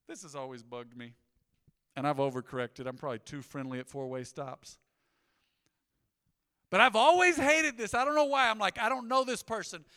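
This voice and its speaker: Pastor, man, high and bright voice, lively conversational sermon, reverb from a big church hall. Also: moderate pace, long pauses, clear, resonant tone. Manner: energetic, conversational preaching with asides. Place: church sanctuary.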